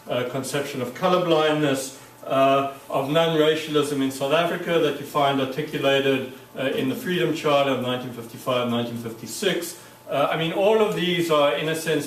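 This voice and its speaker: Halting academic man in echoey room. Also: mid-range voice, a little hiss or hum. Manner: halting, many fillers and restarts. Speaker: academic speaker. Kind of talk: academic conference talk. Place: lecture room. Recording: echoey room, mic far off.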